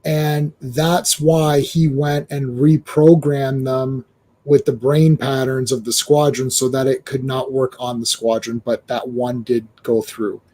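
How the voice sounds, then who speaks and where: A man hosting a casual comic book discussion, animated, with stammering restarts and acted-out quotes. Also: medium pitch, a little slow. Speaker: comic book show host.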